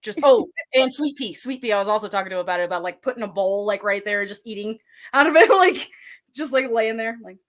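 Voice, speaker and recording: A woman's voice: mid-range voice, expressive, quick pace. A woman guest in a casual livestream chat, telling stories and acting out quotes, full of "like" fillers. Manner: chatty storyteller, acts out quotes, many "like" fillers.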